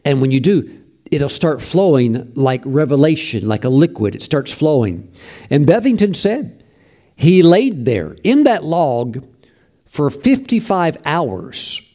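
A man's voice: a little high, very animated, slow, dark tone. A man preaching a sermon, telling a story with fervent emphasis and bursts of praise.

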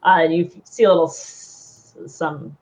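A woman narrating as game master in a tabletop game, relaxed and halting, with many fillers. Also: deep voice.

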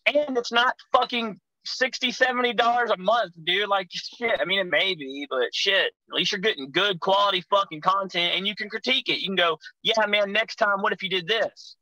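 A man's voice: sits high, normal speed, few pauses, bright, forceful tone, no echo, rough recording. A young man chatting casually as a guest, crude and rambling, swearing freely as he tells stories. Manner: crude, profane, rambling storyteller. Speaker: guest, wrestling figure. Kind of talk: casual chat.

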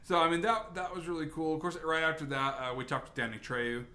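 A man hosts a casual podcast chat. His voice sits a little high, and he rambles with many restarts and fillers. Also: steady tone, quick pace, bright, forceful tone. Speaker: podcast host.

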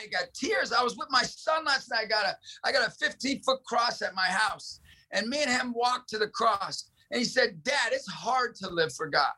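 Male evangelist guest, fiery and emphatic, bright forceful tone. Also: extremely high pitch, slightly rough, poor audio. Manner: impassioned, emphatic, repetitive punchy phrases. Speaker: ministry director, guest. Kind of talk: fervent preaching-style talk.

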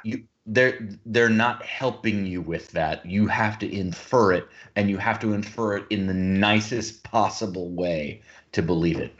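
A man's voice: lowish voice, unhurried, hardly any pauses, muffled recording. A man co-hosting a casual film podcast who gives blunt criticism.

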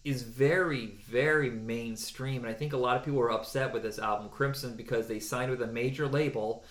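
A man's voice: medium pitch, fairly quick. Opinionated man in an echoey room. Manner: animated, opinionated, with mocking put-on voices. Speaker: podcast co-host. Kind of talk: casual chat counting down songs.

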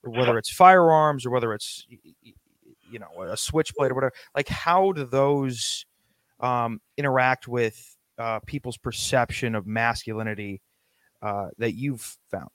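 A man's voice: medium pitch, normal speed, a bit bright, no echo. A man co-hosting a casual talk show, mixing crude jokes with earnest questions. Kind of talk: casual group chat.

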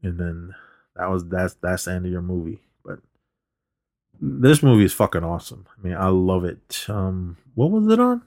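A man's voice: low-pitched, very animated, moderate pace, darkish tone, dry recording, studio quality. A man co-hosting a podcast, casually retelling a film's plot in a rambling way, full of fillers and restarts. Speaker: podcast co-host. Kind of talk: casual movie recap chat.

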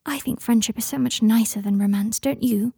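A woman reading the part of a dreamy, serene young woman with a soft, airy voice in an audiobook fan-fiction reading. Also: fairly high pitch, vocal fry, breathy edge, dry recording, clean studio sound, exaggerated voice. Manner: serene, unhurried.

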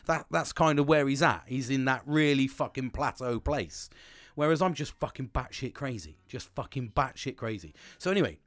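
A man's voice: mid-range voice, expressive, brisk, dry recording. A man in his forties, hosting a casual podcast monologue in a rambling, sweary, self-mocking way. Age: 40s.

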